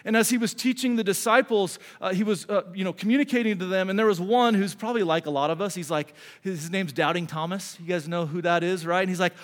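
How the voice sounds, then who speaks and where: Man, pastor, middle-aged, earnest conversational sermon, high voice, reverberant hall. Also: fast, hardly any pauses. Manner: earnest, conversational preaching with many restarts.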